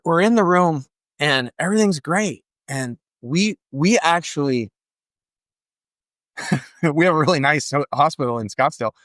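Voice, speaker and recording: A middle-aged man recounts a personal family story with earnest feeling, his voice at an ordinary middle pitch. He is recorded dry and close, with no room sound around him. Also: no room sound. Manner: earnest, animated, acts out quoted voices. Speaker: podcast guest.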